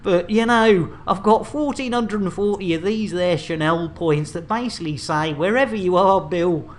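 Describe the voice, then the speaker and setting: A woman's voice: lowish voice, moderate pace, a little hiss or hum. A woman hosting a live game stream, bantering with viewers in a chatty, jokey way. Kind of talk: live gameplay commentary.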